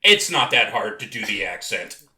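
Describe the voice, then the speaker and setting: A man's voice: fairly low pitch, big pitch swings, normal speed, pushed and bright. A man co-hosting a horror movie podcast, chatting casually, sarcastic and swearing freely. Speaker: podcast co-host.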